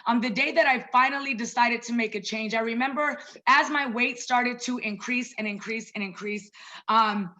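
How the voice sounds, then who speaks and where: This woman in her thirties, a wellness coach, gives a casual, chatty online presentation over a video call, addressing her listeners personally as "you guys." Her pitch is fairly high, her pace moderate, and her tone sharp.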